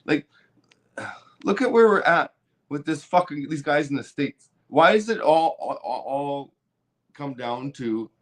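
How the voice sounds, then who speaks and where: Swearing man on a rant. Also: fairly high pitch. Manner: heated, swearing, repeats words when worked up. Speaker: podcast host. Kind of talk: profane political rant.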